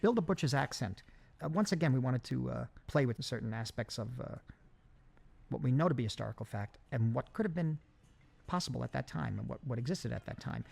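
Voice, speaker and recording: A man recording a film commentary, speaking in a halting way with many fillers and restarts. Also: medium pitch, lively intonation, vocal fry, a little mellow, faint music behind. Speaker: film director giving commentary.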